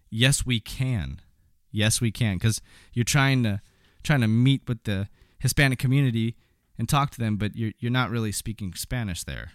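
A man's voice: fairly low pitch, dry recording, clean studio sound. A man giving opinionated political commentary in a sarcastic, indignant, mocking manner.

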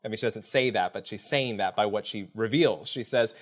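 Speaking briskly in a lowish voice, this man is an author appearing as a podcast guest. He walks through a Bible story in conversation, lively and performing the voices of those he quotes.

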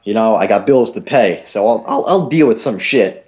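A young man hosting a podcast, telling a story in a casual, animated way and swearing a lot. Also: fairly low pitch, normal speed, lo-fi sound. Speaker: podcast host.

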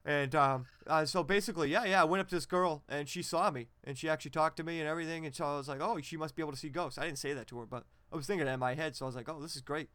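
A man's voice: a little high, steady tone, rapid-fire, hardly any pauses, a bit bright, clear, resonant tone, no echo, natural voice. A man doing a rambling self-proclaimed ghost. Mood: oblivious. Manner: rambling, boastful, oblivious. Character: dim man insisting he is a ghost. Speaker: podcast co-host in character.

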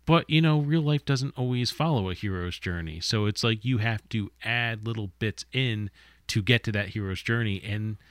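A man's voice: lowish voice, moderate pace, dry recording, clean studio sound. A man co-hosting a podcast, reviewing a movie casually with frequent stammered restarts.

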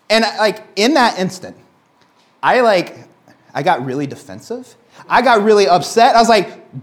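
Male pastor, 30s, chatty sermon delivery, animated pitch. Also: normal speed. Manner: conversational storytelling with lively swings.

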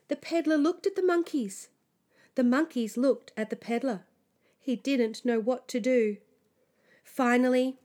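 A woman reading a children's story aloud, slowly and expressively, dropping to a hush at times. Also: high-pitched. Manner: slow, expressive, sometimes hushed.

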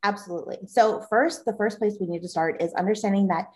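A woman's voice: medium pitch, fast talker, a little mellow. A woman lawyer guesting on a podcast, emotional and grateful at first, then explaining business law plainly. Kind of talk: casual podcast interview.

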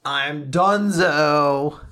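A man co-hosting a casual podcast chat, joking and reacting quickly. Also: fairly high pitch, pushed and bright. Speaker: podcast co-host.

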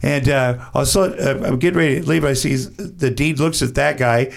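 A middle-aged man, a podcast guest, telling a rambling story in a casual, animated way and acting out the quotes. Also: mid-range voice, moderate pace, gravelly.

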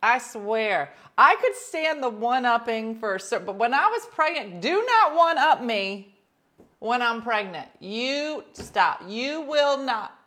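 A woman hosting a livestream, chatting casually and bluntly with viewers, calling them by name and swinging between loud outbursts and hushed asides. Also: on the high side, expressive, slow, few pauses. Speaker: livestream host reading viewer comments.

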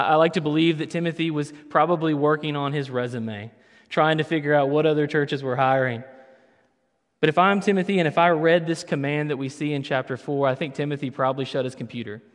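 A man's voice: on the high side, brisk. A man preaching a sermon as pastor, conversational with playful asides. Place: church sanctuary. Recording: long reverb of a church hall.

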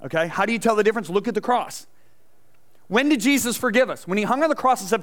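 A middle-aged man preaching a sermon in a church, telling a personal story with animated asides and questions to the congregation. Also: high-pitched, quick pace. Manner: animated storytelling, acting out quotes, asking the audience questions. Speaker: pastor. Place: church sanctuary.

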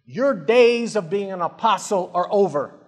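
A man's voice: sits high, expressive, a little slow, voice pushed up. A man acting out a judgmental, self-righteous Christian condemning someone, with indignant, rising emphasis. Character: scolding self-righteous male Christian accuser. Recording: long hall reverb.

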